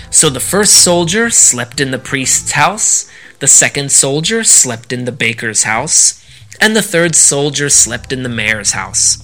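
Bright, animated male storyteller. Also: mid-range voice, measured pace, faint music behind. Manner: animated, sing-song storytelling. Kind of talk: children's story reading.

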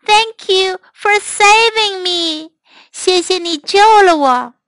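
A woman voicing a young captive princess in a high, tearful, pleading voice. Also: slow, fairly bright tone, no echo, studio quality, exaggerated voice. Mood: grateful.

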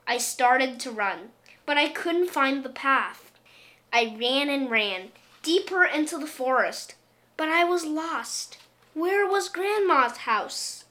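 Woman reading a kids book out loud, slow and gentle, bright voice. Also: sits high, lively intonation. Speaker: storyteller. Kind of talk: reading a children's picture book aloud.

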